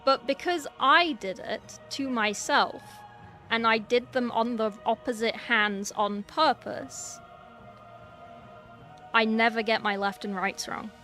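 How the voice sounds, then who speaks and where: Brief: young woman streamer, slightly high voice, chatty, faint music underneath. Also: slow pace, pushed and bright. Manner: chatty, reading and answering chat aloud. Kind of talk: casual livestream chat while painting miniatures. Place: small room at home.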